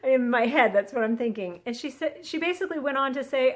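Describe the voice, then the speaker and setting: Chatty woman with a bright, high voice. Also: expressive, brisk. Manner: chatty, earnest, acts out quotes. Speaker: vlogger sharing a devotional. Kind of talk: casual Christian encouragement vlog. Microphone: phone on a selfie stick.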